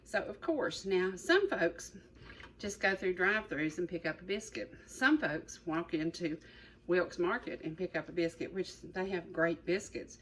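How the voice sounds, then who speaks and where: Middle-aged woman, folksy cooking chat, lowish voice, faint background noise. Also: unhurried, poor audio. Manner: chatty, rambling, doubles her words. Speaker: cooking show host.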